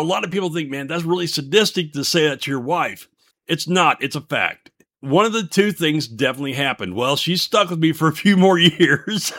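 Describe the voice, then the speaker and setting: A man's voice: on the high side, sharp tone. A man in his fifties, the show's host, sharing a faith testimony between songs in an earnest, folksy, preacher-like way. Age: 50s.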